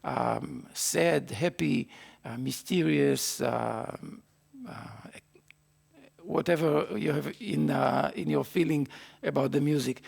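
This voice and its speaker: Gravelly man teaching trumpet. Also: on the high side, slow, a little mellow. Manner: explains patiently, sings phrases on syllables. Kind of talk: master class instruction. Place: recording studio.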